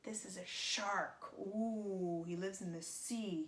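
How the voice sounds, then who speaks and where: A woman teaching a children's craft, talking gently and in a sing-song way as if to young children. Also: medium pitch, fairly even intonation, slow pace, hardly any pauses, echoey room, slight background noise.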